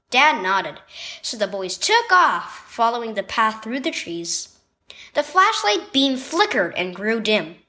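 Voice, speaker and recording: A woman's voice: a little high, sing-song, slow pace, bright, forceful tone. A woman narrating a children's devotional story reading in a storytelling manner. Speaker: devotional reader.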